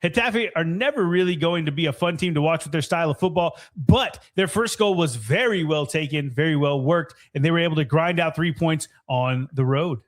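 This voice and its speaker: Guy on a soccer podcast, kinda high voice, hyped and swears a lot. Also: brisk, hardly any pauses. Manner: excitable, swears freely. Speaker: podcast co-host. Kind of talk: casual soccer match review.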